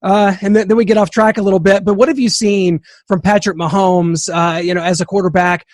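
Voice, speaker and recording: A man's voice: high-pitched, fairly even intonation, a little fast, no room sound, studio quality. A man hosting a radio interview, asking long, rambling questions padded with fillers and hedges. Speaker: radio show host.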